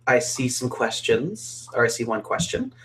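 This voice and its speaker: A man's voice: mid-range voice, very animated, normal speed, a bit bright, a little hiss or hum. A young man from Alabama, hosting a casual, upbeat and jokey live stream chat as a singer. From Alabama, USA.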